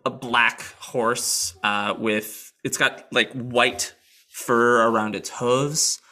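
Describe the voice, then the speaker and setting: A man's voice: medium pitch, steady tone, slow pace, sharp tone. A man narrating as game master in a tabletop game, describing scenes with hesitant fillers.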